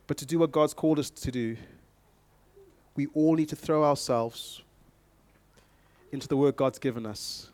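A man preaching a sermon to his congregation, moving from calm scripture reading to loud, emphatic exhortation and speaking directly to the people in front of him. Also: on the high side, moderate pace, long pauses, dry recording. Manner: addresses the congregation directly with audience prompts. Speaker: pastor.

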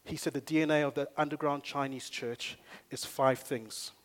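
A man preaching a sermon in a church, telling stories with energy and rising to loud emphasis. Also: on the high side, fairly even intonation, normal speed. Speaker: pastor. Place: church in Nairobi.

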